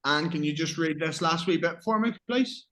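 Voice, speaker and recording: Male teacher, patient and encouraging, bright clear voice. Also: on the high side, moderate pace. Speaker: English teacher. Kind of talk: classroom vocabulary review.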